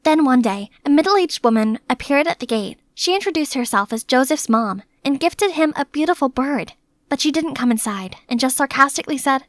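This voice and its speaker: A young woman narrating her own animated story in the first person, in a chatty, playfully dramatic way. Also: high voice, a little fast, no echo, clean studio sound. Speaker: narrator and maid character.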